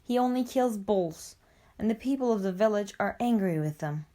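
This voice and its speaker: A woman's voice: mid-range voice, lively intonation, normal speed, warm tone, natural voice. Mother Wolf, a woman playing a brave wolf mother. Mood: calm. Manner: bold, protective. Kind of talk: storybook reading.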